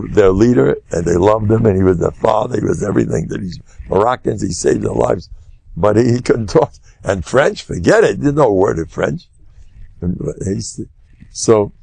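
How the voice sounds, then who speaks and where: An older man, a rabbi, giving a humorous Torah lecture full of animated storytelling. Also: lowish voice, vocal fry, no room sound. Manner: animated, humorous storyteller who loudly acts out quotes.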